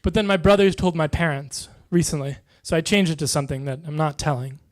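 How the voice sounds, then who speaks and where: Dry-voiced stand-up man, fairly high. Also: quick pace. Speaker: stand-up comedian. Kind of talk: deadpan one-liner stand-up.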